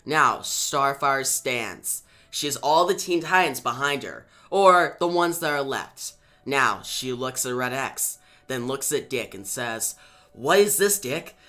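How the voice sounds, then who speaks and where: A man's voice: medium pitch, animated, slow pace, bright, forceful tone. A man reviewing a comic book, retelling the story in a casual way with chatty asides.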